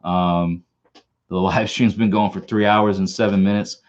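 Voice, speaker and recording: A man's voice: low voice, fairly even intonation, unhurried, muffled recording. A slightly tipsy man hosting a live stream, chatting casually in a rambling, laid-back way with lots of fillers.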